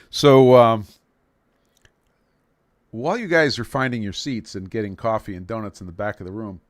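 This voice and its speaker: A man's voice: medium pitch, no echo, clean studio sound. A man from New York City hosting a casual livestream, joking and rambling as he restarts his sentences. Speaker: livestream host.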